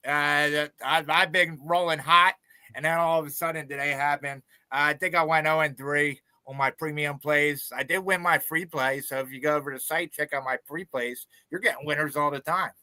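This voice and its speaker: A man from Philadelphia chats about his betting picks in an easygoing way. His voice is very sharp and tense, with a slightly high pitch and a dry, close sound. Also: fairly even intonation, normal speed, dry recording. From Philadelphia, USA. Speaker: show handicapper. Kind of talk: casual sports betting chat.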